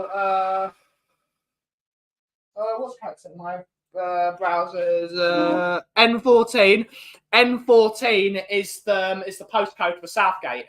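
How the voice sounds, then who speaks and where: Male livestream host with a sharp, bright tone, casual and chatty, shouting out viewers. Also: sits high. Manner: chatty, greeting viewers in chat one by one. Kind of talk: casual live-stream chat.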